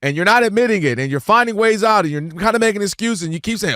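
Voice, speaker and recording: Male sports talk host, high lively voice, dry close sound, acts out quotes, repeats himself when fired up. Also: very fast, dry recording. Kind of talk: animated sports debate.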